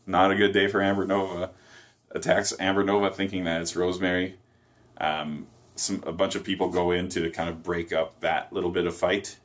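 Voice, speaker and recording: A man with a notably low, deep voice gives a casual solo review of a wrestling episode at normal speed with little pitch movement. He rambles, piles on fillers, and corrects himself mid-sentence.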